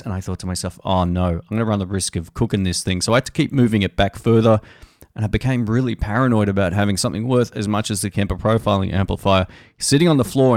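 Low-voiced man in laid-back chat. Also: no echo, clean studio sound. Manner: relaxed and rambling, with many fillers and restarts. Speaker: guitarist hosting a podcast. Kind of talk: casual chat.

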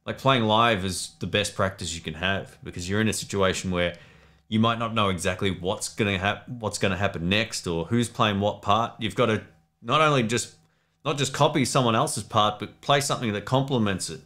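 A man hosting a casual live Q&A, chatting loosely and reading viewer comments aloud. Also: mid-range voice. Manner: relaxed, rambling, reads chat comments aloud. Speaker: livestream host answering viewer questions. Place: home studio.

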